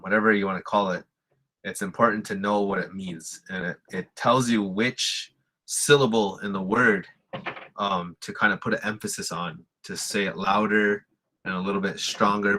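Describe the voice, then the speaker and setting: Man teaching vowels, bright voice. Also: deep voice. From Lakota community in the US. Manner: relaxed, explains with fillers and repeats example words. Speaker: language teacher. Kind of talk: casual spoken lesson.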